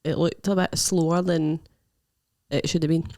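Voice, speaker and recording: A woman's voice: deep voice, flat delivery, moderate pace, darkish tone, dry recording, clean studio sound. A Scottish woman co-hosting a podcast, telling a personal story frankly in casual chat, with blunt swearing and easy laughs. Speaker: podcast co-host.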